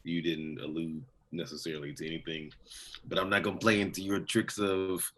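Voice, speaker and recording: A man's voice: deep voice, level tone, a little fast, fairly bright tone. A man co-hosting a podcast in casual chat, rambling with restarts and swearing. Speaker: podcast co-host.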